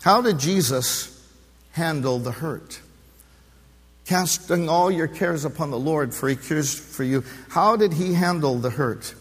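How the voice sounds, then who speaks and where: Husky middle-aged pastor preaching in a church. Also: male voice, unhurried. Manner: impassioned, swinging between loud emphatic peaks and hushed low passages. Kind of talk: sermon. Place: church sanctuary during a service. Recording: long reverb of a large church hall.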